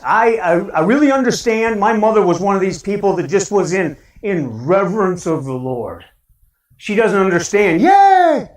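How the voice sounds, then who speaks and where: A male pastor with a Midwestern American accent preaches a lively, animated sermon in a church sanctuary, shouting a cheerful greeting and asking the congregation questions. His voice sits high, and the recording has a roomy, distant church sound.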